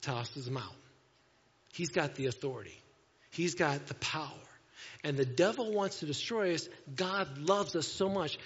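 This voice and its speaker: A man's voice: on the high side, a little slow, a bit bright, breathy edge, in a large hall, dull audio. A man preaching a sermon as pastor, reading scripture aloud in a conversational, self-deprecating way to his church. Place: church sanctuary.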